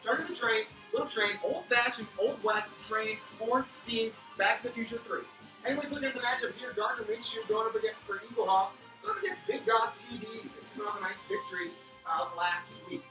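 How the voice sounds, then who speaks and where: This fantasy football league host has an extremely high, lively voice and a brisk delivery as he speeds through a mock sports-analyst preview, drifting into pun tangents. He sounds a bit worn, as though his voice is going. The mic is some distance away in a roomy room, and music plays behind him.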